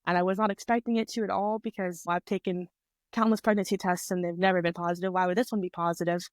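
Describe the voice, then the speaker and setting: A woman's voice: on the low side, quick pace, dry recording, studio quality. Chatty young woman telling a story. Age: 20s. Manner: chatty, animated retelling with quoted voices. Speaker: podcast guest. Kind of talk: casual storytelling.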